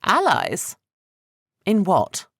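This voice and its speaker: A man's voice: on the high side, big pitch swings, normal speed, fairly bright tone, dry recording, studio quality, voice pushed up. A man voicing a frightened, defiant young Roman noblewoman in a raised, tense voice for an audiobook.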